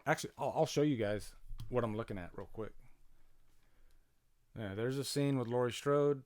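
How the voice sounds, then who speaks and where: A man's voice: mid-range voice, normal speed, darkish tone. A man talks through a movie on a casual live stream from his home. He rambles in a chatty way, full of fillers and restarts, and stops now and then to answer viewers. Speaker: channel host doing live movie commentary. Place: home, near a playing TV.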